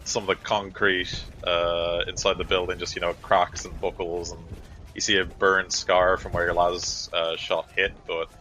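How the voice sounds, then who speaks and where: A man's voice: low voice, little pitch movement, normal speed, bright, forceful tone, poor audio. A man narrating as game master of a tabletop game, describing the action in loose, filler-heavy talk.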